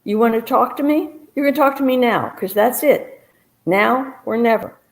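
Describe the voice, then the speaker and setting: A woman storyteller voicing a pushy, excited adult woman witness in a higher voice. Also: normal speed, reverberant, lightly acted. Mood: eager.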